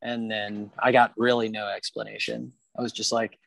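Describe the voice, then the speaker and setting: A rollerblader guest on a casual podcast, recorded on a porch in Kansas City, speaks with a fairly low, level voice at a moderate pace, with vocal fry and few pauses. His tone is fairly bright with no echo, and he's blunt, swearing and using fillers a lot.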